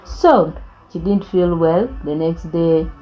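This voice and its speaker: A woman's voice: on the low side, slow pace, warm tone, low-quality recording. A young woman, telling her life story in an earnest, reflective way. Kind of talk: personal storytelling.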